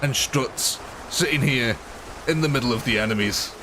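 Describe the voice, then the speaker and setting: Young English male streamer, excitable, mid-range voice, faint hum behind. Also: medium pitch, normal speed. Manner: excitable, laughs often, addresses viewers as ladies and gentlemen. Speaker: live stream host. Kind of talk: casual live gaming commentary.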